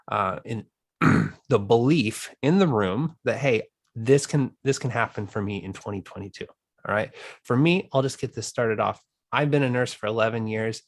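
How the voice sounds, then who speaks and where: A man's voice: mid-range voice, dry recording. Man, host of a video call, upbeat, rambling, dry close sound. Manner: energetic, rambling with fillers. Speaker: host of a group coaching call. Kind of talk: casual upbeat group call talk.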